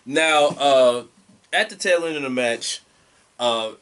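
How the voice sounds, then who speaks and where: A man's voice: mid-range voice, slow pace, a bit bright, clean tone, recorded from a distance. A man co-hosting a podcast, bantering about wrestling with casual swearing and mimicked voices. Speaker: podcast co-host. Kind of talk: casual wrestling recap chat.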